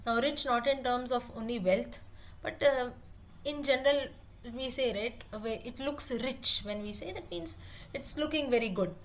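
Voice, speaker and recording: A woman's voice: a little high, normal speed, a little hiss or hum. A woman teaching a class, explaining word meanings patiently and repeating terms as she rephrases. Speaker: Sanskrit teacher.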